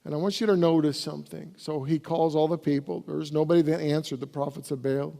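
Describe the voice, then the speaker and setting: Pastor guy preaching, fairly high warm voice, big church reverb around him. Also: steady tone, a little fast, creaky. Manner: preaching with rising emphasis while reading scripture aloud. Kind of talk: sermon. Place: church sanctuary.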